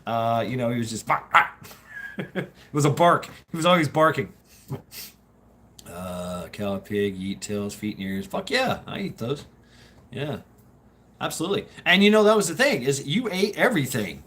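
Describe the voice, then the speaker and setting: A man's voice: medium pitch, a bit bright. A Southern man hosting a livestream, talking casually in a rambling, profane way with lots of laughter. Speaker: livestream host.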